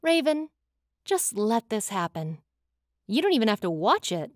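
A woman narrator playing a scheming young fae woman, all smooth and coaxing as she talks someone round. Her voice lifts a little higher and hurries along. The read is dry and close, with no room around it. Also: big pitch swings, measured pace, no echo.

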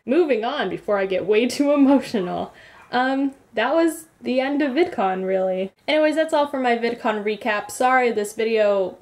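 A woman's voice: on the high side, normal speed. A young woman vlogging, telling a rambling story with frequent giggles. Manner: rambly, giggly, animated retelling. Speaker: beauty vlogger. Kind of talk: casual vlog recap.

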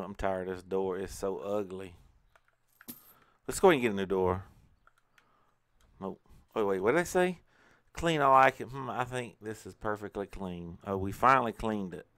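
Low-voiced man chatting through a game. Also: moderate pace, pauses often, a bit bright. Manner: chatty, talks to himself while playing. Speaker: gaming channel host. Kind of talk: casual let's play commentary.

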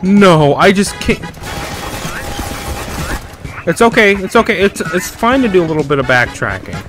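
A man narrates his own playthrough with panicky, excitable energy, his voice sitting a little high for a man. He yells and repeats himself when things go wrong. Game music plays clearly underneath him. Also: normal speed. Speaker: gamer. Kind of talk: let's play commentary.

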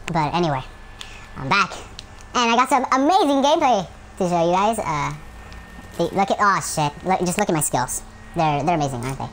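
A man's voice: high voice, big pitch swings, a little fast, fairly bright tone, a little hiss or hum, low-quality recording. A man giving gameplay commentary at home, rambling with many fillers and breaking into yelps and rants at the game. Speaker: gaming channel host.

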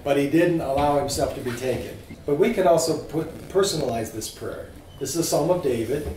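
A man teaching a small group about scripture, informal and animated, asking his listeners questions. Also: on the high side, fairly quick, echoey room, far from the mic, slight background noise, low-quality recording. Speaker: priest teaching a catechism class.

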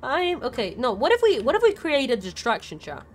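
A woman's voice: a little high, huge pitch swings, a little fast. A woman streaming a video game live, swearing freely while talking to her chat and the characters on screen. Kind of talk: live gameplay commentary.

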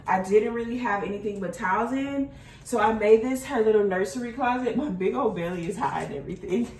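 A woman's voice: fairly high pitch, fairly bright tone, echoey room, slight background noise. A woman, chatting casually to camera in her apartment as a vlogger, telling stories with lots of fillers. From Houston, Texas. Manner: chatty storyteller, many fillers. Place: bedroom apartment indoors.

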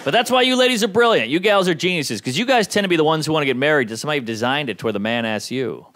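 A stand-up comedian working a club stage, his voice sitting a bit high and swooping all over as he goes. His delivery is wry and incredulous, and a faint hiss of noise sits under his mic. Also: animated, very fast, fairly bright tone, some chatter behind.

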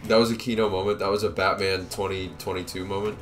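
A young man hosting a let's play, joking casually with a co-host and breaking into sudden yells at the game. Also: deep voice, little pitch movement, fast, faint music behind. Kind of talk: casual gameplay commentary.

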